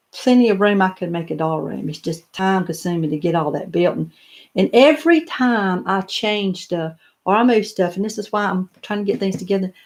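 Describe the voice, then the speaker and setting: A woman's voice: mid-range voice, darkish tone. An older woman, chatting casually on a live stream and answering viewer comments, rambling a little with lots of fillers and restarts. She is in a home office lined with doll showcases.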